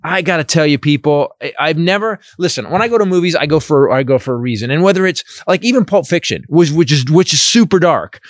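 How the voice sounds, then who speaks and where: Male podcast host, upbeat rambler, slightly high voice, dry close recording. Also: fast, hardly any pauses, dry recording. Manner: animated, rambling, voices quoted people. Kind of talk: casual comedic chat.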